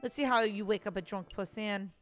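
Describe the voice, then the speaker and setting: A woman's voice: mid-range voice, fairly quick, faint music behind. A woman streamer giving casual commentary over a game, blunt and swearing freely. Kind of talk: casual let's-play commentary.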